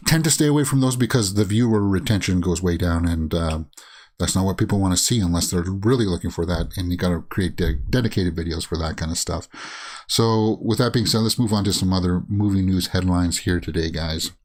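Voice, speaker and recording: A man hosting a casual movie news show, rambling through reactions with many fillers and frequent chuckles. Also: sits low. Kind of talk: casual commentary while browsing and reading tweets.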